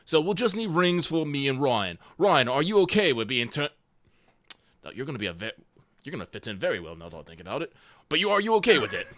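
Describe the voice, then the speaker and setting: A man playing a tabletop game, animated and tripping over his words. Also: medium pitch, fast talker. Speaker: player. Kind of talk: casual tabletop game chat.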